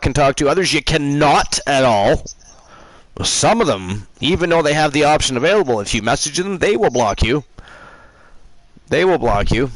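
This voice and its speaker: A man's voice: medium pitch, no echo, rough recording. A man hosting a live stream, teasing and rambling through casual banter. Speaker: host.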